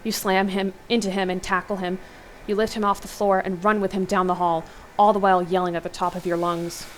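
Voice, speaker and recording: A woman host reading an interactive horror novel aloud, steady narration with exclaimed asides. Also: mid-range voice, a little fast, slight background noise. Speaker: let's play host.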